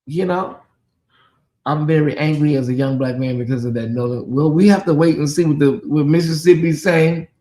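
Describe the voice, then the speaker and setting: A man's voice: fairly high pitch, moderate pace, warm tone. A man with a Southern US accent hosting a casual livestream, talking straight to his viewers and reading out and answering their chat. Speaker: livestream host.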